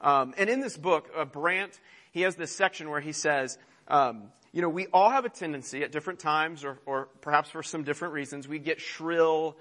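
A man's voice: a little high, moderate pace, fairly bright tone. A man preaching a sermon in a conversational way, opening with a prayer and often restarting his phrases. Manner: conversational preaching with mocking put-on complaint voices; frequent fillers and restarts. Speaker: pastor.

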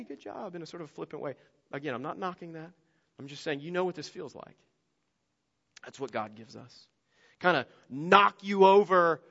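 A man preaching a sermon as a pastor, swinging between quiet, intimate asides and loud, emphatic lines, acting out the voices in his stories. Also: fairly high pitch, long reverb tail, lo-fi sound. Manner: acts out quoted voices in story-telling.

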